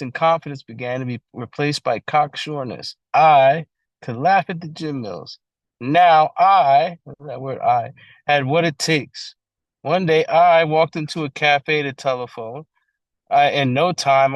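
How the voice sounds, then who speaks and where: A man co-leading a recovery book study, talking in a slangy, animated way and acting out little scenes as he explains. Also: medium pitch, no echo, low-quality recording. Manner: animated, slangy, acts out scenarios. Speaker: study group co-leader. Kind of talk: casual recovery-meeting share.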